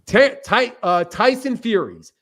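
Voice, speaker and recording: Combative high-voiced male host. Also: lively intonation, a little slow, a bit bright. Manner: combative, interrupting, profane. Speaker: boxing channel host. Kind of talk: heated debate.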